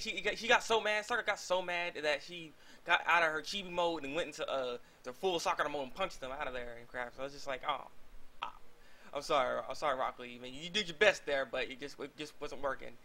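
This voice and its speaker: Fast excitable young man rambling. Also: on the high side. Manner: rambling, excitable, lots of fillers and restarts. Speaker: anime reviewer. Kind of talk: casual video review.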